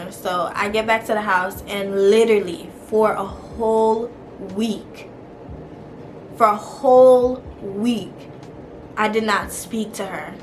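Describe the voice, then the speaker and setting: Young woman, vlogger, casual storytime, animated, mid-pitched voice, faint background hiss. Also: slow pace. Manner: animated, talks straight to viewers.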